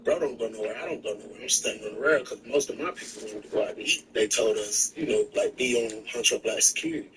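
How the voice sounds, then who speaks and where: A man streaming live, telling a story in a casual, animated, slangy way with plenty of swearing. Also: on the low side, quick pace, gravelly, few pauses, recorded from a distance, low-quality recording. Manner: animated, slangy retelling with profanity. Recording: voice from off the mic with music behind.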